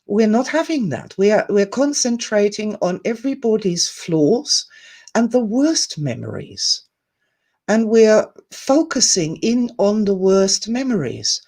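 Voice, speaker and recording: A woman hosting a live online talk, speaking earnestly in a reflective monologue, laughing softly between thoughts and replying to viewer comments. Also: mid-range voice, husky. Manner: earnest, musing, reading viewer comments aloud.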